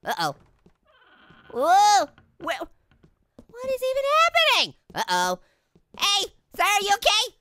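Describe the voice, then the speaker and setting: A squeaky, very high and bright cartoon orange, played by a woman, chatters through a let's play commentary. The voice bounces all over the place, full of silly jokes and giggles at its own gags. It sounds like a hyper fruit having the time of its life. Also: huge pitch swings, slow, pauses often, slight background noise, full character voice. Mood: goofy. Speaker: gameplay commentator.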